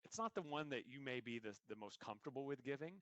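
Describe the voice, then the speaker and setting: A man's voice: mid-range voice, expressive, quick pace, fairly bright tone, no echo. Earnest man with a dry, close sound. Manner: earnest, frequent restarts and repeated words. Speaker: endurance coach and author. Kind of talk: conversational interview answers.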